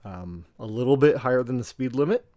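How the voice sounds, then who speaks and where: Hesitant co-host, mid-pitched voice. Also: male voice, lively intonation, fairly quick, mellow, no echo, muffled recording. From Canada. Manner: hesitant, with many fillers and laughs. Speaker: podcast co-host. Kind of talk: casual podcast chat.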